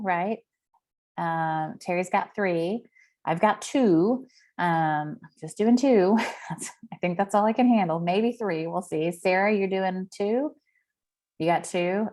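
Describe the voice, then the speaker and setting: Chatty woman on a video call, lowish voice. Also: darkish tone. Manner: chatty, rambling, lots of fillers. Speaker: team leader hosting a meeting. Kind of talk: casual chat.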